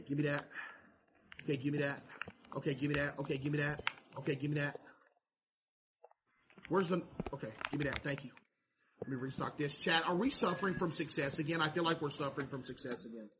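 Male game streamer, high and bright voice, dramatic fake-stressed chatter to chat. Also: fairly quick, long pauses, a little hiss or hum. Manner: animated, mock-stressed, talks to chat. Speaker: streamer playing a laundromat game. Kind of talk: casual gameplay commentary to chat.

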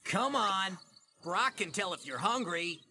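A man's voice: sits high, sing-song, unhurried, very noisy. A hammy, lovestruck young guy. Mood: earnest.

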